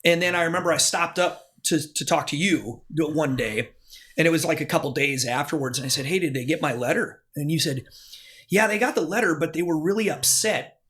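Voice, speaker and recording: A man's voice: fairly high pitch, brisk, a bit bright. A man, a podcast guest telling a long story in casual conversation, often restarting and acting out what people said. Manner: rambling, restarts, acts out quoted dialogue. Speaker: podcast guest, former club DJ.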